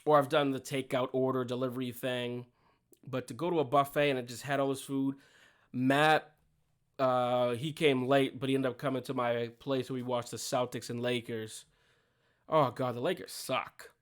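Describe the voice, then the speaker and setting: A young man hosting his own show, telling stories in a chatty, relaxed way, with fillers and laughs. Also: medium pitch, moderate pace. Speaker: show host. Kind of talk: casual solo talk.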